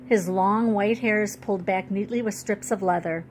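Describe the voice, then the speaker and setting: A woman's voice: mid-range voice, steady tone, normal speed, slight background noise. Woman reading her own storybook aloud.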